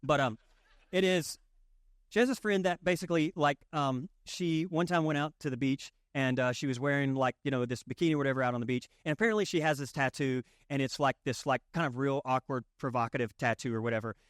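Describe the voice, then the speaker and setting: This mid-range, fast-talking man from the Southern United States preaches a conversational sermon in a Southern accent. Folksy and joking, he drives points home through repetition, recorded in studio quality with no room sound.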